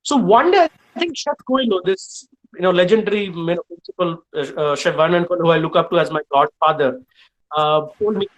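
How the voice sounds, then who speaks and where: A middle-aged man with an Indian English accent speaks as a guest chef to a class of students. He tells his stories in an animated way, breaking often with uh and restarts. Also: high voice, brisk, rough recording. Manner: animated, frequent uh fillers, lively storytelling. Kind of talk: storytelling in a live online session.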